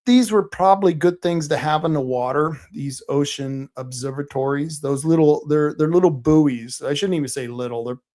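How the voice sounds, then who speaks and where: A man's voice: moderate pace, few pauses. A man hosting a live-streamed podcast, ranting angrily and swearing, reading out chat comments as he goes. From Oregon, United States. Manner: angry ranting, swearing, rising loud and high when worked up. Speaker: podcast host.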